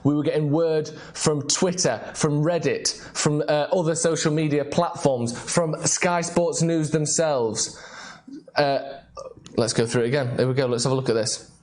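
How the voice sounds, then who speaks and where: A man's voice: a little high, steady tone, moderate pace, a little mellow. Jokey young man hosting. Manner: jokey, playful, rambling banter. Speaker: host. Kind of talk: casual live-stream chat.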